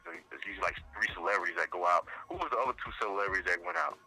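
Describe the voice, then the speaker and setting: A man with a New Jersey accent co-hosts a podcast, talking fast in a bright, cutting voice. His chat is loose and joking, and he drifts into mocking voices. Faint music plays under him. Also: on the low side, big pitch swings, creaky, poor audio. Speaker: podcast co-host. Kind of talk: casual chat.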